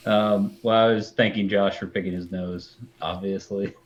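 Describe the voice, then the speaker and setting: A man's voice: on the low side, fairly even intonation, normal speed, muffled recording. A man playing a tabletop game, easygoing and laughing often. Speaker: player.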